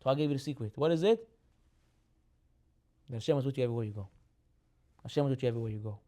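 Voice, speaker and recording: A man giving an animated sermon as a rabbi. He repeats phrases, mixes in Hebrew terms, and builds to loud emphatic peaks. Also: mid-range voice, very fast.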